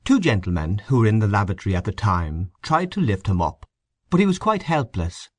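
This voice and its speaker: A man giving a measured, expressive reading of a short story as its narrator. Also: fairly low pitch, no echo. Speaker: audiobook narrator.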